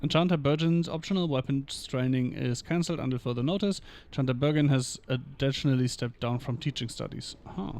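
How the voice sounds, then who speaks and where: A man with a mid-pitched voice reads fantasy game lore aloud during a stream. He moves through long passages at an even reading pace. Between entries he drops short, dry remarks of his own. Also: fairly quick, few pauses, slight background noise.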